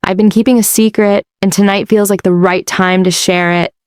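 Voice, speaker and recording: A woman's voice: medium pitch, fairly even intonation, normal speed, smooth, dry recording, clean studio sound, lightly acted. A woman voicing a middle-aged mother of the bride, giving a sweet, tearful wedding speech. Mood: tender, sentimental.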